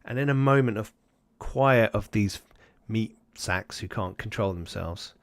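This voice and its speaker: A man's voice: lowish voice, unhurried, no echo. A man running a tabletop game as game master, narrating loosely and acting out side characters as he goes.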